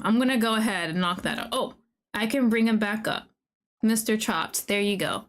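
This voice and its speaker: A woman streamer commenting on a game as she plays, gushing, excitable and talking straight to the characters. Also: mid-range voice, moderate pace, soft background music. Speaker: VTuber streamer. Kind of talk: let's-play commentary.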